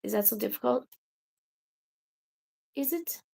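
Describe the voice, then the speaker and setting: A woman's voice: on the high side, animated, unhurried, creaky, dark tone. A young woman hosting a casual livestream, chatting to viewers in a rambling, exasperated way. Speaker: livestream host.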